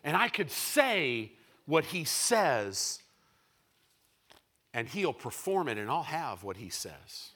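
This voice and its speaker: A man preaching a sermon to a congregation, moving between loud, emphatic bursts and quiet, measured asides. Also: a little high, very animated, husky.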